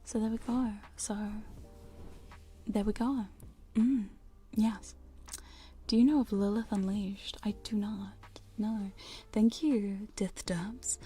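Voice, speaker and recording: A woman's voice: mid-range voice, fairly even intonation, slow, pauses often, husky. A woman streamer in a whispered livestream chat, rambling and giggling as she reads the chat. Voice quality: soft whisper. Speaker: ASMR streamer. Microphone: studio condenser microphone.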